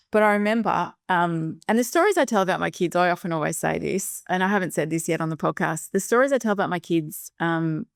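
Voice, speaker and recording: A middle-aged Australian woman hosting a podcast, telling a story in a casual, animated way, often laughing and acting out the voices of the people she quotes. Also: fairly low pitch, dry recording, studio quality. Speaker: podcast host.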